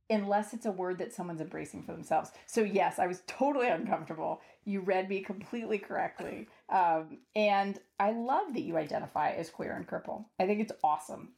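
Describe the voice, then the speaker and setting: A woman's voice: medium pitch, creaky, a little mellow. A woman hosting a podcast interview, asking questions thoughtfully and carefully, and laughing easily. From United States. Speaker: podcast host. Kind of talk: conversational interview.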